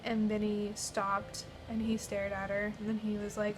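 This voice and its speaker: A woman calmly telling a fond memory of a friend for a memorial video. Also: medium pitch, normal speed. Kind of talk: memorial interview reminiscence. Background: soft instrumental music.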